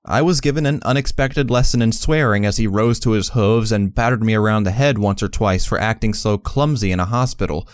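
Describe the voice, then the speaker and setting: A man narrating a fan fiction audiobook in the first person, measured and reflective. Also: fairly low pitch, no echo, clean studio sound.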